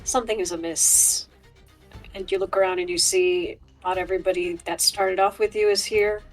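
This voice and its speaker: A woman's voice: medium pitch, steady tone, moderate pace, faint music behind, poor audio. A woman running a tabletop game as game master, describing scenes and guiding a player through the rules, sometimes dropping to a whisper for eerie parts.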